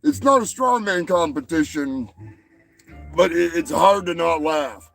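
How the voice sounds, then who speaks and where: A man's voice: on the high side, animated, measured pace, creaky, a bit bright, faint music behind, low-quality recording. A male show host giving rambling, profane comedic commentary, often stumbling over and repeating his words.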